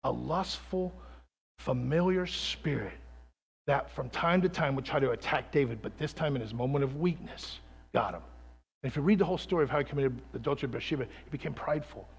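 A man preaching a sermon, telling a story dramatically and swinging from loud calls to hushed tones. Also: medium pitch, brisk, vocal fry, slightly rough. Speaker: pastor. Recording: long hall reverb.

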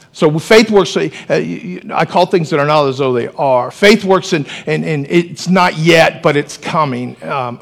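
A man with a notably high voice preaches a sermon to his church. He keeps it animated and breaks off into joking asides and calls for the congregation to answer back. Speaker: pastor.

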